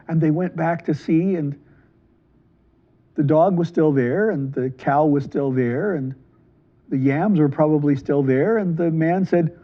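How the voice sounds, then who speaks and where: A man telling a folk tale to children in a lively, animated storytelling manner, slipping into quick character voices. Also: a little high, lo-fi sound. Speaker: library storyteller.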